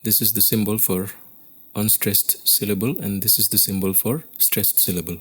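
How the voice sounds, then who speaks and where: A man's voice: lowish voice, steady tone, normal speed, a bit bright, breathy edge. A man with an Indian English accent teaching a class lesson on poetry, explaining step by step and often checking in with "okay?".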